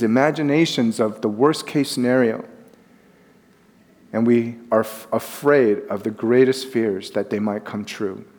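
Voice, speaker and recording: A middle-aged male pastor delivers a sermon in an easy, conversational manner, with lively acted-out quotes now and then. His voice sits at an ordinary pitch for a man. The sound carries a long reverb, as in a large church sanctuary.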